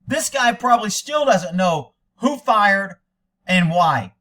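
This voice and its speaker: A man's voice: high voice, expressive, slow pace, pushed and bright. An American man giving angry, indignant commentary over police video, ranting at length.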